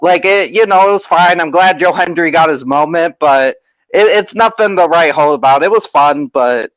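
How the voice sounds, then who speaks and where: A man's voice: on the high side, normal speed, fairly bright tone, no room sound, muffled recording. A man chatting easily on a podcast, thinking aloud. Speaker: podcast co-host. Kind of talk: casual chat.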